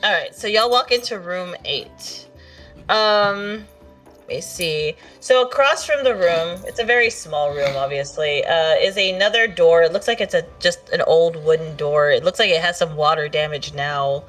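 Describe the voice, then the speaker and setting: A woman's voice: on the low side, moderate pace, a bit bright, recorded from a distance. A woman narrates a tabletop role-playing session as its game master. She sets scenes with loose filler words and breaks into laughter often. Her voice sits a little back from the microphone, with faint music underneath.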